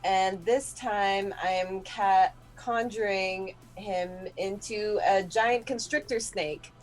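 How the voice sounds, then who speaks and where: A woman playing a tabletop game, talking casually, often laughing and thinking out loud. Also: medium pitch, steady tone, slow, faint music behind. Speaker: player.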